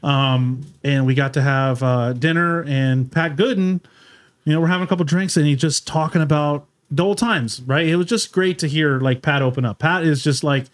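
A man hosting a casual podcast in a garage, telling stories in a rambling way with restarts. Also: normal speed. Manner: rambling storyteller, imitates others with raised pitch. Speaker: podcast host.

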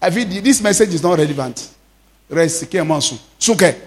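High, lively Nigerian pastor preaching. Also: male voice, quick pace. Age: 50s. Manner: animated storytelling, laughing often, acting out quoted speech; mixes Yoruba phrases into English. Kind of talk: sermon.

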